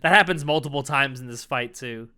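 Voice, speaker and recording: A man's voice: mid-range voice, brisk, bright, forceful tone, clear, resonant tone. A man co-hosting a podcast, chatting casually and agreeably with frequent filler words. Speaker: podcast co-host. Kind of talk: casual anime discussion.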